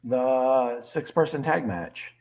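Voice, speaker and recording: A man co-hosting a podcast with wry, teasing banter. His voice sits at a middle pitch and has an easy, conversational manner. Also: animated, slow, a little mellow. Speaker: podcast co-host. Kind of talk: casual chat.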